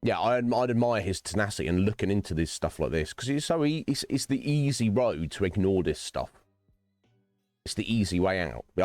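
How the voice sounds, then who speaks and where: A man's voice: lowish voice, expressive, brisk, darkish tone, no echo, soft background music. A man hosting his own livestream, chatting to viewers by name in a rambling, philosophical way and swearing freely. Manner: chats directly to viewers by name. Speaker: streamer host. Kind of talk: casual livestream chat while gaming.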